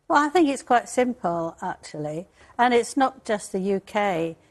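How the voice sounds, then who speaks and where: An older woman giving commentary on a TV panel, her pitch sitting mid-range. She speaks firmly and with certainty, building her argument in measured steps. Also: lively intonation. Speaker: royal commentator and biographer.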